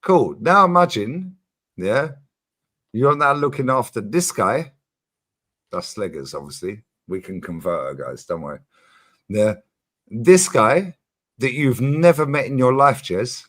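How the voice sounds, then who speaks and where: A man's voice: medium pitch, unhurried, pauses often. Emphatic man hosting a stream. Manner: animated, emphatic, swears freely, repeats his points. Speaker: streamer host. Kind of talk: casual livestream chat.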